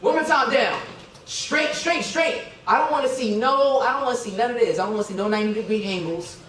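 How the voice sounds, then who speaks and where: This is a middle-aged man's lively motivational keynote, his voice extremely high and his pace brisk. He counts off dance moves and keeps checking in with "okay?" to get the crowd answering. The recording comes from a distance in an echoing hall furnished with tables and chairs.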